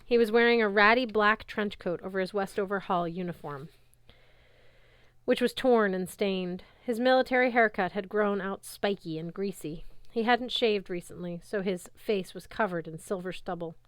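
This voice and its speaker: A woman reads a novel aloud in a steady, even storytelling way. Her voice is smooth and clear, and the recording is dry and close. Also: medium pitch, normal speed, no echo. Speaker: audiobook narrator. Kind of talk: audiobook narration.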